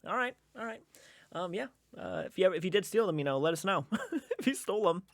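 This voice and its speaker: A man's voice: high-pitched, sing-song, fast, no room sound, clean studio sound. A man hosting a reaction video, giving casual commentary and thinking aloud hesitantly with many fillers.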